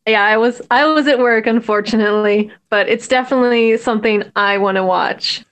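Giggly soft-spoken woman guest, higher voice. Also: a little fast, clear, resonant tone. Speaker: podcast guest, new tabletop gamer. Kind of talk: casual interview chat.

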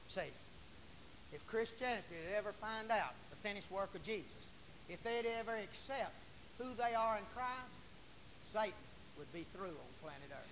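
A male Pentecostal preacher, folksy and fiery, preaching a sermon in church and shouting hallelujahs. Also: sits high, expressive, normal speed. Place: church sanctuary. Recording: long church reverb, faint hiss.

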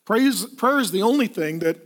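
A middle-aged male pastor preaching a sermon, telling a funny personal story in an animated, self-deprecating way. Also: sits high, normal speed.

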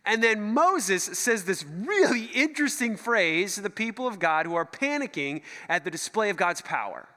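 A middle-aged pastor preaches in a bright, high voice that rises and falls, animated and joking as he performs the voices of those he quotes. He keeps a moderate pace with few pauses, and a long church-hall reverb surrounds his sermon.

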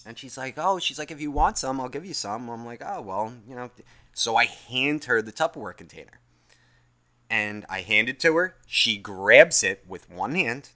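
Exasperated male storyteller, profane and animated, bright edgy tone with wide pitch swings. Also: normal speed. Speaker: podcast host telling a work story. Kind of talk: casual storytelling rant.

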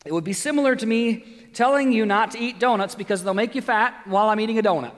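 A man's voice: high voice, quick pace, in a large hall. A man preaching a sermon as pastor, reading scripture dramatically and adding light jokes.

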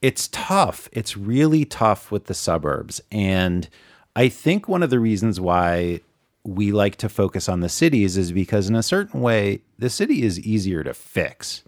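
Earnest co-host, lower-voiced man, close dry mic. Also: very animated, a little slow, no room sound. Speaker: podcast co-host. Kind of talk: casual chat.

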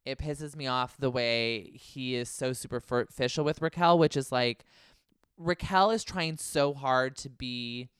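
A man's voice: medium pitch, unhurried, fairly bright tone, clean tone, dry recording, clean studio sound. A man co-hosting a podcast, chatting casually about a reality show and quoting people in mock voices. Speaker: podcast co-host.

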